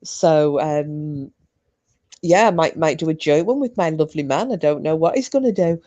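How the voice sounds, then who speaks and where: A chatty woman in middle age, talking casually to her livestream viewers from home. Her voice sits low and sounds mellow and dark. She laughs often and trades bawdy banter. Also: moderate pace, dull audio. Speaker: livestream host. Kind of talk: casual chat with live chat viewers.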